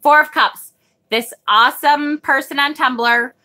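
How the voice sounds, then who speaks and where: Her voice is high and steady at a measured pace, pushed and bright. She's a tarot livestream host who chats casually while reading viewer comments, frequently sidetracked, and swears offhandedly when annoyed.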